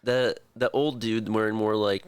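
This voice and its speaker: A man narrating a tabletop game as game master in a relaxed, rambling way. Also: fairly low pitch, moderate pace, smooth, no room sound.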